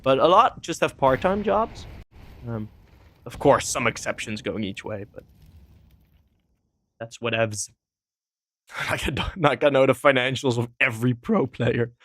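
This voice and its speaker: A man's voice: medium pitch, animated, measured pace, pauses often, a bit bright, dry recording, clean studio sound. A man casting a competitive shooter match alone, rambling casually between plays with fillers and small laughs. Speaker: esports caster. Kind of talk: solo live game commentary.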